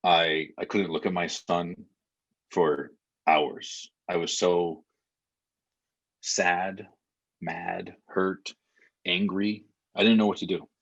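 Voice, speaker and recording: A man's voice: sits low, flat delivery, slow, gravelly, pauses often, fairly bright tone. A man in his thirties, a podcast guest, telling an emotional story with lots of fillers. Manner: vivid retelling with many fillers.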